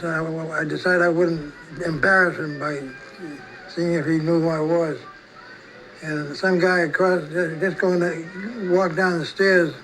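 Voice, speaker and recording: An older man telling a personal story in a relaxed, rambling way, often restarting his sentences. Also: on the high side, poor audio. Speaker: storyteller recalling his past. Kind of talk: casual spoken reminiscence.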